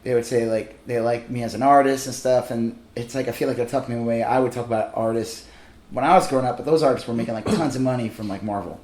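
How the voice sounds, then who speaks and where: A man's voice: mid-range voice, fairly even intonation, fast talker, darkish tone. A man, co-hosting a podcast, telling a story in a rambling, self-deprecating way and swearing when worked up. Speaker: podcast co-host, artist. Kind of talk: casual chat, storytelling. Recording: roomy echoey room.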